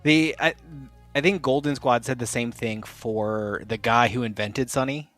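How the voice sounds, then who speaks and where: A male podcast host in an easygoing chat, his voice at a middling pitch. He rambles, stops mid-sentence to correct himself, and laughs often. Faint music plays softly behind him. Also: steady tone, measured pace. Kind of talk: casual chat.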